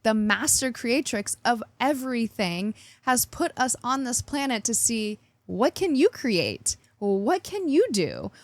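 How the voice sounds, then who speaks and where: A woman's voice: a little high, big pitch swings, measured pace, few pauses, no room sound. A woman hosting a weekly astrology forecast in a bubbly, chatty way, often laughing. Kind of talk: casual spoken forecast.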